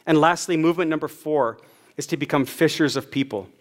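A man's voice: on the high side, brisk. Storytelling male pastor preaching. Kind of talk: sermon.

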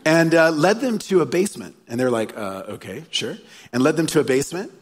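A man's voice: on the high side, very animated, fast talker. A man preaching a sermon as a pastor, earnest and storytelling, repeating key phrases. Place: church hall. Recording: live sermon in a reverberant hall.

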